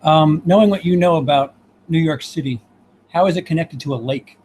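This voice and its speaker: A man's voice: on the high side, fairly quick, darkish tone, slight background noise. A man co-hosting a casual chat, trading jokes and swearing while he laughs along. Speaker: co-host.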